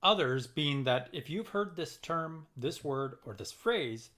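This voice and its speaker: A man's voice: a little high, expressive, pushed and bright. A middle-aged man from Minnesota with a Minnesotan accent, co-hosting a casual chat podcast and rambling with lots of fillers and restarts. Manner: rambling, halting with many fillers. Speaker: podcast co-host.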